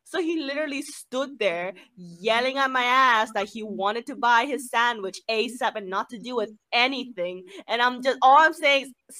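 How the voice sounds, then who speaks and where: A young woman talking casually with a friend, her voice bright and a little high. She tells stories with animated energy, peppered with swearing and filler "like"s, recorded dry and close. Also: moderate pace, few pauses, no echo. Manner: animated storytelling, frequent swearing and "like". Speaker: cashier. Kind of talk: casual chat.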